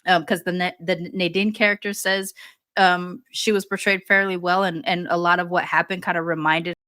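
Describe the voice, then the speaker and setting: A woman's voice: lowish voice, flat delivery, normal speed, bright, forceful tone, no room sound, clean studio sound. A woman co-hosting a podcast, talking casually and thoughtfully, with many fillers and restarts. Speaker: podcast co-host. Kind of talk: casual chat.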